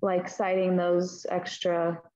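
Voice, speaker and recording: A woman's voice: lowish voice, monotone, slow pace, dark tone, highs cut off. A woman student asking her instructor a question, hesitant and full of fillers.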